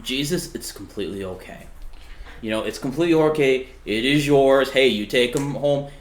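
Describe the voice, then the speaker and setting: Male podcast guest, mid pitch, earnest and convinced, echoey room. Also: normal speed. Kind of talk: faith discussion podcast.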